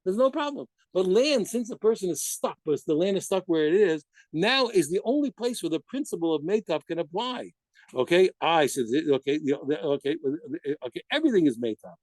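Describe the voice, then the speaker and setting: A man teaching a daily Talmud study lesson in an animated way, asking himself rhetorical questions and answering them, and often stopping to correct himself. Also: high voice, a little fast, dry recording. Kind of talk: daf yomi study lesson.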